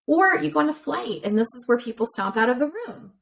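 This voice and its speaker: A woman relationship therapist, a podcast guest, explains ideas clearly in a conversational interview over a remote call, and she uses many everyday examples. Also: high-pitched, lively intonation, brisk, low-quality recording.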